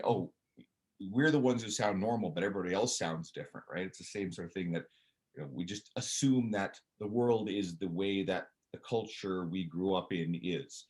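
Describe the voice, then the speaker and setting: A man's voice: low-pitched, a little mellow. A man in his forties with a Canadian accent, talking bluntly and animatedly as a guest in a casual podcast conversation. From Newfoundland, Canada. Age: 40s. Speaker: podcast guest, personal trainer.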